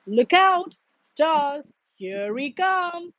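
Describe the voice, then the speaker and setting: Woman doing a tiny croaky boastful frog. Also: extremely high pitch, animated, slow pace, no room sound, lo-fi sound, pitched above the performer's own voice, exaggerated voice. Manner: bouncy, boastful. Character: tiny boastful male frog, eager jumper.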